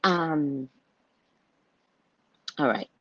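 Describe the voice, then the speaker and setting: Low-voiced animated older woman. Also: drawn-out words, no echo, lo-fi sound. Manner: animated storytelling, acting out quoted voices. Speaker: psychic reader and live show host. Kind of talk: casual live talk to viewers.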